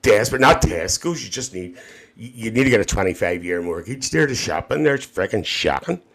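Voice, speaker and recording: A man's voice: fairly low pitch, animated, a little fast, gravelly, a bit bright, exaggerated voice. A man with a Northern Irish accent voicing a cheeky, gossiping middle-aged auntie on a phone livestream. He chats away, reads out viewer comments, calls everyone "dear" and laughs often. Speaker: livestream host. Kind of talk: live-stream chat reading viewer comments.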